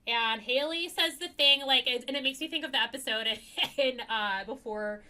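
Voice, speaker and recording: A woman's voice: high-pitched, moderate pace, bright, forceful tone. A woman co-hosting a casual TV recap podcast, talking in a chatty way with lots of fillers and acting out the characters' lines. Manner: chatty, heavy on fillers, acts out quotes. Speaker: podcast co-host.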